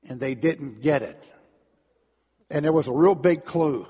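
A man's voice: on the high side, unhurried, long pauses, dark tone, breathy edge, in a large hall. A man preaching a sermon in a storytelling manner, often repeating words and acting out crowd voices. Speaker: pastor.

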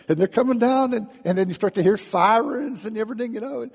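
A middle-aged man preaching a folksy storytelling sermon, halting and repeating words as he acts out crowds and sounds. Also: high-pitched, gravelly, breathy edge, big-room sound. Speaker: pastor.

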